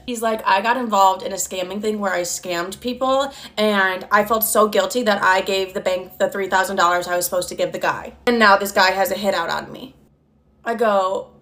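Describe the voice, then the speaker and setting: A woman's voice: medium pitch, a little fast, fairly bright tone. A young woman telling a personal story in a casual, chatty way, swearing freely and acting out both sides of the dialogue.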